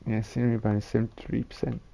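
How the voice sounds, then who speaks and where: A man's voice: on the low side, flat delivery, fast talker, vocal fry, warm tone, husky. A tired man giving casual commentary on a game he is streaming from home, muttering to himself as he builds. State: tired, yawning.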